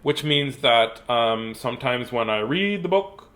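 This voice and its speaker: A man's voice: medium pitch, expressive, unhurried, a bit bright. A middle-aged man hosting a live-streamed children's storytime, chatty and playful, easily sidetracked and greeting young viewers by name. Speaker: children's book reader and show host.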